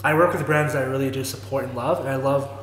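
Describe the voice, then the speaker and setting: A man's voice: mid-range voice, steady tone, quick pace, a bit bright. Chatty young man in echoey room. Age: young adult. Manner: chatty, filler-heavy with lots of "like". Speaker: host, influencer. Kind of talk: casual chat, mukbang vlog. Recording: roomy echo with faint background noise.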